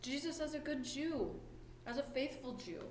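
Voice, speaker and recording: Woman pastor, casual storytelling sermon, higher voice, roomy echo with faint background hum. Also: expressive, moderate pace. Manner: conversational, asks "right?" often. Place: church or home during lockdown worship. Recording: echoey room with faint ambience.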